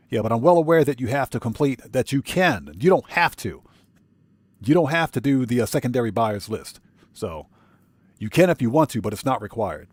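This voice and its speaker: A man's voice: mid-range voice, darkish tone, no echo. An easygoing man chatting through a game livestream. He has a mid-range voice, answers viewers in a loose, rambling way, and chuckles often between thoughts. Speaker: livestream gamer host. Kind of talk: casual livestream commentary.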